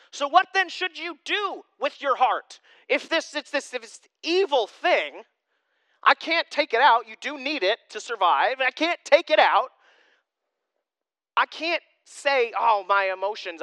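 A man's voice: high voice, sharp tone, no room sound. A man in his thirties, a pastor giving a conversational sermon with self-deprecating humor.

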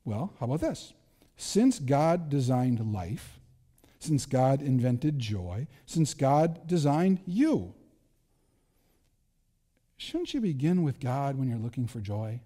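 A man's voice: mid-range voice, very animated, slow, long pauses, mellow, big-room sound. A middle-aged man preaching a sermon as pastor, conversational and self-deprecating, with frequent restarts.

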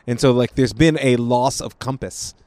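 A man co-hosting a casual podcast, talking in a measured, analytical way with short interjections. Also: mid-range voice, a little mellow, no echo. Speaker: podcast co-host. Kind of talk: casual political chat.

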